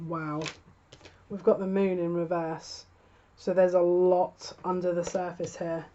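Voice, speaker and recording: A woman talks through a tarot spread, musing and hesitant, often restarting her sentences. Her voice sits low and stays level, with little rise and fall. The recording sounds dull and lo-fi. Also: level tone, unhurried, dark tone. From United Kingdom. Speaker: tarot reader. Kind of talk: tarot reading monologue.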